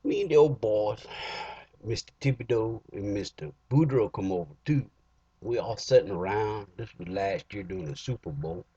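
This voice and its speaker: A man's voice: on the low side, expressive, normal speed, mellow, breathy edge, no echo. A man with a Cajun accent telling a comic folk story, folksy and drawling, in a dull lo-fi recording. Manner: folksy, drawling, chuckling asides.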